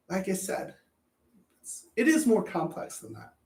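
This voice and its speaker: A man's voice: high voice, wildly swooping pitch, unhurried, darkish tone. A man coaching anger management in a blunt, profane self-help talk, often repeating words as he thinks. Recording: roomy echo.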